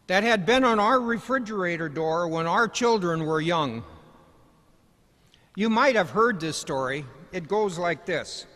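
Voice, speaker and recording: A man giving a commencement speech, telling stories in a folksy, gently humorous way. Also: high voice. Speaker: commencement speaker. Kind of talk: ceremonial speech with storytelling. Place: commencement ceremony hall. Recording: large hall reverb.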